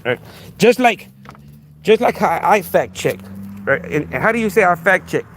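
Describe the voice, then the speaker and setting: A man's voice: sits high, very animated, normal speed, a bit bright, a little hiss or hum. A man hosting a podcast in a casual monologue, talking emphatically, repeating himself and asking "right?" again and again. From Texas. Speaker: podcast host.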